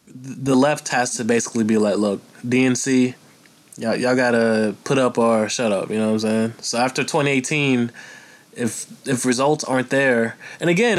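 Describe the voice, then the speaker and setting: A man in a casual political chat, laid-back and working through his points with plenty of fillers. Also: medium pitch. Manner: laid-back, reasoning things out with many fillers.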